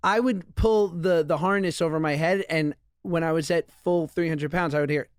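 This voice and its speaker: A man's voice: fairly high pitch, fairly even intonation, normal speed, no echo, clean studio sound. A man in his thirties hosting a podcast in casual chat, wry and joking, laughing often. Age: 30s. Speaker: podcast host.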